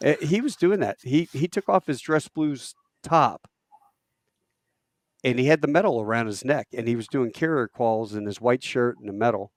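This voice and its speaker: A man, a podcast guest, telling war stories in a lively way, acting out quotes with halting restarts. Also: mid-range voice, no echo, studio quality. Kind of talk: animated war storytelling.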